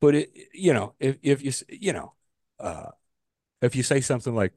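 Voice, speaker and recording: A man's voice: mid-range voice, expressive, normal speed, a little mellow, no echo, studio quality. A man co-hosting a casual podcast, ranting about a pet peeve, swearing freely and restarting his sentences. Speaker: podcast co-host.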